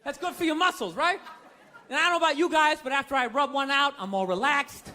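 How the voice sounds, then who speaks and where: A man doing a stand-up comedy set, ranting profanely and shouting his punchlines with incredulous disbelief. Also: extremely high pitch, fairly quick. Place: comedy club stage with audience. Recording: live stand-up with crowd noise. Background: audience laughter.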